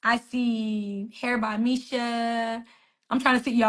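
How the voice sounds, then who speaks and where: A woman's voice: sits high, steady tone, measured pace, fairly bright tone. A woman hosting a casual motivational live stream from her phone, talking emphatically, repeating phrases and chatting with viewers. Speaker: author and wellness coach hosting a weekly live stream.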